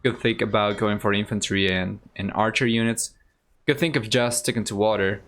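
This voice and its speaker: A man's voice: lowish voice, steady tone, normal speed, a bit bright, faint music behind. Easygoing Argentine man casting a game. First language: Spanish. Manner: easygoing, thinks aloud, chats with viewers. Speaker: game caster and streamer. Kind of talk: live strategy game commentary.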